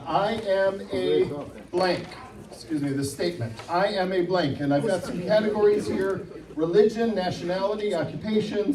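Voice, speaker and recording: A man with a Wisconsin accent leads a church workshop, joking with the group and often checking in with "okay?". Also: high voice. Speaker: workshop leader. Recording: echoey room, mic far off.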